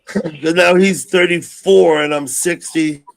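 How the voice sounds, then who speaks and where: Man in his sixties, livestream host, gravelly, fairly high voice, rambling casual chat. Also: fairly even intonation, takes it slowly. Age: 60s. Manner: rambling, thinks out loud.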